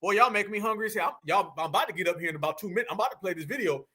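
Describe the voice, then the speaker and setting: A man hosting a casual livestream, bantering loudly with the chat and eating while he talks. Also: high-pitched, very fast, husky. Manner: loud, bantering, eats while talking. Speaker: livestream host.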